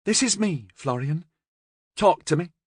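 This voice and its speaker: Guy doing a bossy nosy aunt, high voice, lively, dry close sound. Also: a little slow, husky, no room sound. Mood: probing. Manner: insistent, scolding questions. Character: firm, prying middle-aged aunt.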